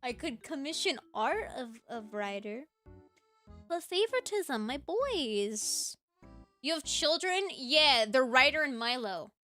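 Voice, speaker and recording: A woman's voice: sits high, sing-song, slow pace, sharp tone, soft background music. An American woman with a Valley Girl accent, chatting casually on a live stream and giggling as she reads chat. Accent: Californian Valley Girl. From United States. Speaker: VTuber streamer.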